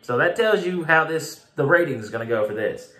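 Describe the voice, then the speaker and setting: A man's voice: a little high, expressive, brisk, sharp tone. A man giving a blunt, casual beer review, repeating himself for emphasis and swearing now and then. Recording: echoey room.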